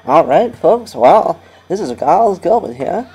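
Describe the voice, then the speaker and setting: A man's voice: high voice, big pitch swings, measured pace, hardly any pauses, warm tone, breathy edge, low-quality recording. A man hosting a homemade comedy radio show, rambling and goofy and laughing at his own jokes. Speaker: host.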